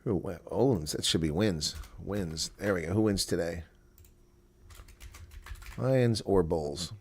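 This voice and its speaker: Low-voiced man chatting through a rugby stream. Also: slow pace, husky. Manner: chatty, laughs often, reads viewer comments aloud. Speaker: live-stream rugby commentator. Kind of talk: casual live watch-along commentary.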